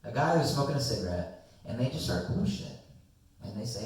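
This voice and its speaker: A young man telling a long, rambling story to friends in a casual chat, animated and swearing freely. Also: medium pitch, fairly quick. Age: young adult. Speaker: guest storyteller. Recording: echoey room, distant mic.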